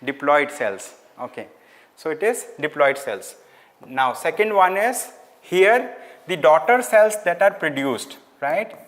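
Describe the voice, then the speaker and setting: A man with an Indian English accent teaching an online class, explaining slowly, repeating key words and slipping into Hindi phrases. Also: a little high, very animated, a bit bright. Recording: hall-like reverb.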